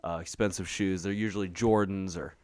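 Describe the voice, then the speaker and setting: A man's voice: sits low, fairly even intonation, fairly quick, darkish tone, no echo, clean studio sound. A young adult man co-hosting a podcast in casual chat, rambling with fillers and restarts. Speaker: podcast co-host.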